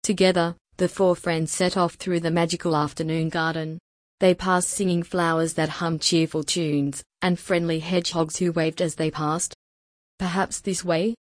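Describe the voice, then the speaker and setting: Female storybook narrator, gentle and soothing, lower voice, dry recording. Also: little pitch movement, normal speed, no echo.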